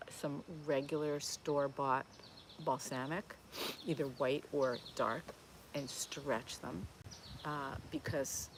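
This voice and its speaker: A woman's voice: sits low, gravelly, a little hiss or hum. A woman in her fifties hosting a live Q&A stream, chatting in a rambling way with lots of fillers and restarts as she answers viewer comments. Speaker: host of a plant-based cooking channel.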